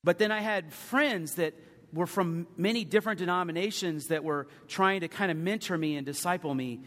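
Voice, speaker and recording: A man preaching a sermon and sharing his testimony, earnest, rising to loud emphatic peaks and sinking to hushed confession. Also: sits high, moderate pace. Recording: long hall reverb.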